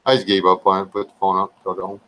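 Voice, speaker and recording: A man's voice: low-pitched, completely flat delivery, fast, pushed and bright, poor audio. Easygoing man chatting on stream. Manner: rambling, easygoing, folksy. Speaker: livestream regular. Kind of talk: casual livestream chat.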